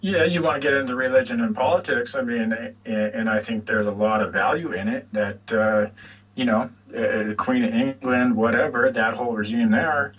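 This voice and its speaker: A man's voice: medium pitch, moderate pace, husky, far from the mic, muffled recording. A man guesting on an online radio chat, talking in a rambling, laid-back way with casual swearing. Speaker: guest, YouTube channel host.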